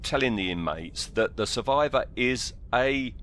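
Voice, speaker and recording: A man's voice: mid-range voice, a little slow. A man co-hosting a casual film podcast, opinionated and emphatic, repeating his points. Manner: opinionated, animated, with emphatic repetition. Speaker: podcast co-host.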